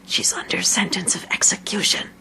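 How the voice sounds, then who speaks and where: A woman reading a storybook aloud and voicing a timid male rabbit who talks in hushed, hurried, anxious whispers. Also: high voice, huge pitch swings, slight background noise, voice pushed up. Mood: nervous.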